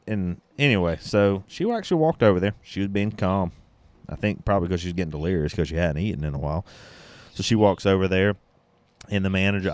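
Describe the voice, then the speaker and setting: A man's voice: low-pitched, dry recording. A man hosting a podcast, telling a story in a blunt, rambling way with plenty of swearing. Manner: sips beer while talking. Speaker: podcast host. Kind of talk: casual storytelling.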